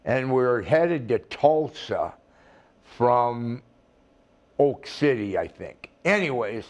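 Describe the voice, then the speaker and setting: A man's voice: mid-range voice, very animated, darkish tone. An older man, a retired wrestler, telling rambling stories in an interview, acting out quotes and swearing freely. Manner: slow, rambling storytelling with profanity and acted-out quotes. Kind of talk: storytelling shoot interview.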